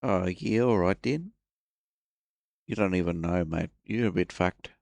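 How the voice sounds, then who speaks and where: A man's voice: sits low, unhurried, vocal fry, a little mellow, no room sound. A man putting on a crude, laid-back Australian bloke with a put-on Australian accent, slangy and swearing as a bit on a game stream. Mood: blokey.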